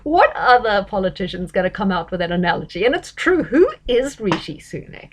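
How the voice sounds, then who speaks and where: A woman's voice: mid-range voice, very animated, brisk, few pauses. Chatty woman giving astrology commentary. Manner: chatty and emphatic, with frequent fillers and self-corrections.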